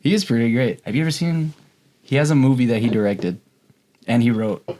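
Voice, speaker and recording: A man's voice: medium pitch, expressive, brisk, dark tone. A man co-hosting a podcast in casual chat, blunt and joking, swearing casually. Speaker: podcast co-host.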